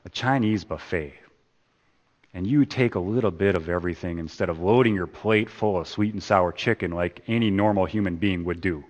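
A man preaching a sermon. He swings from loud emphasis down to hushed, repeated words. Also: deep voice, normal speed. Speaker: pastor. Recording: long hall reverb.

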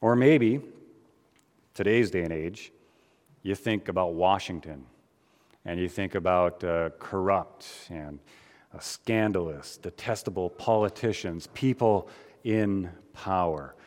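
A pastor giving a conversational sermon, with frequent fillers and restarts. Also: male voice, low-pitched, slow pace, a little mellow, in a large hall.

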